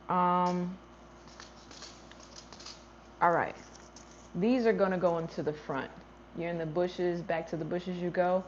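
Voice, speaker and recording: A woman's voice: lowish voice, fairly even intonation, slow, long pauses, a little hiss or hum. Chatty woman hosting a garden livestream. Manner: chatty, thinks aloud, trails off and restarts. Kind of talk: casual livestream chat, answering viewer comments. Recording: slightly dull lo-fi livestream audio.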